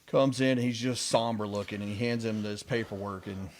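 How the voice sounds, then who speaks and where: Animated pastor telling stories. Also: male voice, normal speed. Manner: animated storyteller, voice rising high when retelling excited moments. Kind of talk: casual podcast discussion.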